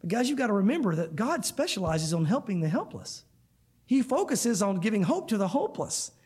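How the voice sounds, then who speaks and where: A man's voice: sits high, sing-song, a little fast, darkish tone, slightly rough. A man preaching a sermon to a room of listeners, earnest and emphatic, often calling them guys. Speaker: pastor. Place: church room.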